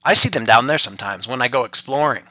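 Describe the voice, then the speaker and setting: A man's voice: medium pitch, fast, bright, forceful tone, no echo, close to an everyday voice. A man voicing a shy, timid female rabbit in a bedtime story, a little nervous. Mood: chatty. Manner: nervous, stammering when scared.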